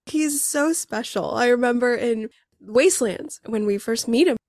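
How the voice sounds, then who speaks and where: A woman's voice: a little high, measured pace, a little mellow, no echo, studio quality. A woman hosting a book podcast, chatting casually in an effusive, emotional way. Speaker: podcast host. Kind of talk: casual chat.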